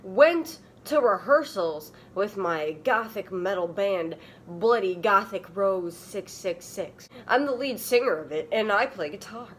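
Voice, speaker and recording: A woman's voice: medium pitch, lively intonation, unhurried, few pauses, a little hiss or hum. A young woman reading a story aloud for comedy, mock-dramatic, with sudden overacted outbursts. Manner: mock-dramatic, bursts into loud overacted outrage. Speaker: comedy reader.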